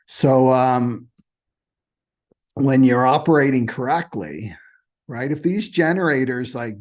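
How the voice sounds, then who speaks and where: A man's voice: medium pitch, unhurried, a little mellow. A man hosting an astrology channel, giving a loose, repetitive spiritual talk in a casual way and often checking in with "right?". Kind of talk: casual spiritual teaching monologue.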